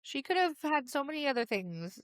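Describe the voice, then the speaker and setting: A woman's voice: high voice, a little fast, dry recording. A young woman co-hosting a podcast in casual chat, retelling scenes with acted-out quotes and frequent swearing. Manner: animated retelling, acts out quotes, swears freely. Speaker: podcast co-host.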